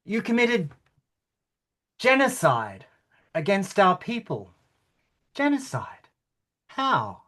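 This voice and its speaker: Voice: medium pitch, huge pitch swings, slow, pauses often, fairly bright tone, exaggerated voice. A performer reading the part of a bewildered, indignant king in a play rehearsal, stammering now and then. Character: bewildered, pompous king of Australia. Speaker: actor in rehearsal.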